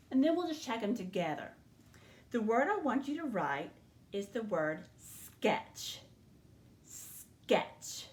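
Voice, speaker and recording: A woman teaching a spelling lesson to young learners, sounding out each letter and syllable slowly and patiently. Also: on the high side, roomy sound, a little hiss or hum.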